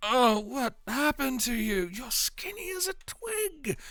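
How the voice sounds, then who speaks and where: A man's voice: very high-pitched, big pitch swings, takes it slowly, dry recording, studio quality, voice pushed up, exaggerated voice. A man voicing a frail, doting old bird-folk elder who fusses and frets over a returning lad. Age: older. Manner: fussy, fretting, warm-hearted.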